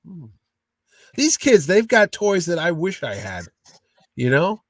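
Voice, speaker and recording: A man telling funny stories in a casual interview, an animated, jokey storyteller. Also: a little high, slow, no echo, recorded from a distance. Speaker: guest, comic con owner.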